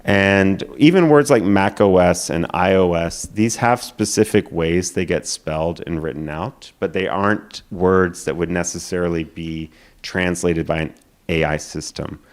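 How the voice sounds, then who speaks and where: A man giving a conference presentation, explaining quickly with frequent fillers. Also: low voice. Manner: explanatory, hurried, filler-laden.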